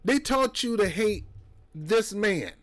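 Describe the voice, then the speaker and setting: A man's voice: high voice, lively intonation, slow pace, fairly bright tone. A man gives a fiery political monologue. He preaches hard, scolds his listeners, and mocks others by slipping into put-on voices. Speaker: commentator.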